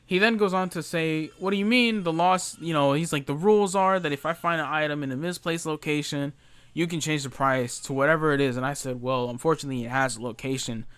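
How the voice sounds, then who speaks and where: Young man, slightly high voice, smooth and clear, dry close sound, exasperated storytime rant. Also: fairly even intonation, a bit bright, no echo. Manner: exasperated, talks fast with many fillers, mimics the customer. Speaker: retail worker telling a story.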